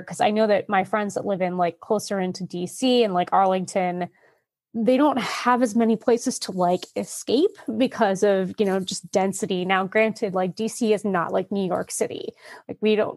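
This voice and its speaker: A woman's voice: medium pitch, a little mellow, dry recording, clean studio sound. A woman in her thirties from Northern Virginia, chatting casually on a podcast, laughing often and filling her talk with "like". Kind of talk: casual chat.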